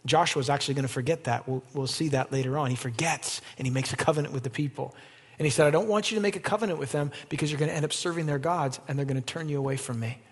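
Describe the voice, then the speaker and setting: A man preaching an evening sermon as pastor, animated and rising to emphatic peaks, then leading a closing prayer. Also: fairly high pitch, fast, breathy edge. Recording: long hall reverb.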